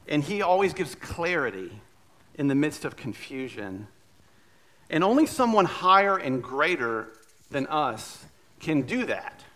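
A man's voice: medium pitch, fairly bright tone. A man preaching a sermon as pastor, telling stories in a conversational way with light humor.

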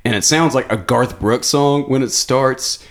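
A man's voice: medium pitch, unhurried. A man co-hosting a podcast in casual chat, laid-back, swearing freely and laughing often. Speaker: podcast co-host.

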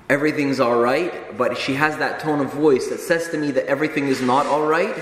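Conversational preacher in an echoey church. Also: male voice, mid-range voice. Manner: conversational preaching with asides and restarts. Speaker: married priest. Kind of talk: sermon. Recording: echoey church hall, faint ambience.

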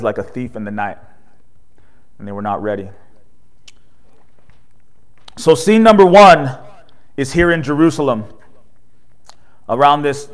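A man with a somewhat high voice preaches a sermon as a pastor. He tells the story with animation and peppers it with rhetorical questions and "right?". At solemn moments he sinks into a quiet, low delivery. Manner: drops soft and low at solemn points.

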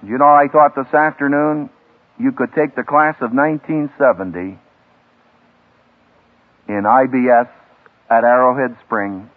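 A man preaching a sermon to a graduating class as a seminary professor, emphatic and dramatic, with big swings in pitch and loudness. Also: steady tone, a little slow, pauses often. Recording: tinny lo-fi archival radio broadcast.

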